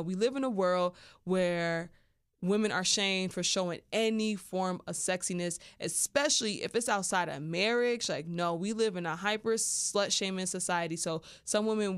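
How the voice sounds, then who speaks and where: A woman's voice: mid-range voice, clean tone, no echo, clean studio sound. A woman hosting her own podcast, talking frankly and casually, with lots of fillers. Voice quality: chatty, blunt, full of fillers. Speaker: podcast host.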